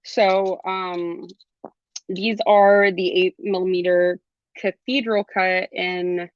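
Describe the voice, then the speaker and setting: A woman's voice: fairly low pitch, little pitch movement, slow, no room sound, muffled recording. A young adult woman teaching a live beading class, chatty, with frequent ums and laughs. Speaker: jewelry class instructor. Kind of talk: live online craft class.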